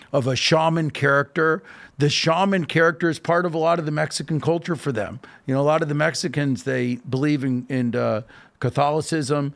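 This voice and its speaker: Gravelly-voiced man, emphatic storyteller. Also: medium pitch. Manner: emphatic storytelling, frequent "okay?" check-ins and filler restarts. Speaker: podcast guest. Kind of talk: animated casual talk.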